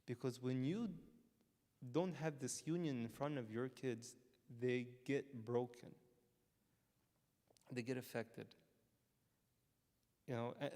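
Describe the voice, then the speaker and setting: A priest giving a conversational sermon built on personal stories, with frequent stammering restarts and chuckles. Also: male voice, mid-range voice, darkish tone. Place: church hall. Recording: long church-hall reverb.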